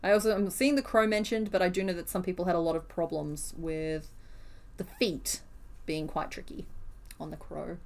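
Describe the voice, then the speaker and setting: A woman's voice: on the low side, steady tone, normal speed, vocal fry. A woman, chatting casually on a live stream while she crochets, answering viewers and teasing herself. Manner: chatty, self-deprecating, answers chat questions.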